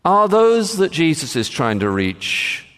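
A man preaching a sermon as pastor, measured and emphatic, with frequent pauses and "uh" fillers. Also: fairly high pitch, very animated, a bit bright, clear, resonant tone. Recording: long reverb of a large hall.

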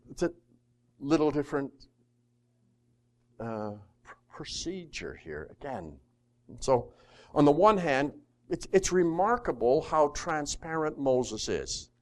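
Animated man teaching a Bible class. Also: medium pitch, slow, long pauses. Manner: lively, asks the class questions, reads scripture aloud. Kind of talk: Bible study lecture.

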